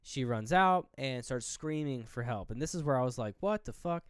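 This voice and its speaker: A man co-hosting a podcast, retelling a horror film with lively, acted-out quotes and casual swearing. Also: medium pitch, normal speed, clear, resonant tone, no room sound, studio quality. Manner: animated retelling, acting out characters' lines; swears freely. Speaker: podcast co-host. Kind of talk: casual movie recap.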